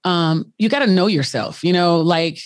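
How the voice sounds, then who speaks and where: A woman's voice: lowish voice, moderate pace, dry recording, clean studio sound. A woman who hosts a radio show, chatting candidly about her marriage and telling stories with frequent laughter. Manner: candid, storytelling, laughs often. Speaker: radio host. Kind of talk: casual chat.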